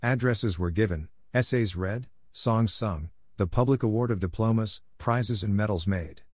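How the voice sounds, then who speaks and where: A man narrating a classic novel as an audiobook, steady and measured, close to the mic. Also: fairly low pitch, no echo. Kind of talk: audiobook reading.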